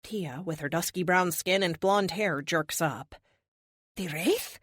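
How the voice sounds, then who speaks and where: A woman narrating a superhero audiobook in the first person, brisk and wry. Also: fairly low pitch, a bit bright, dry recording, clean studio sound.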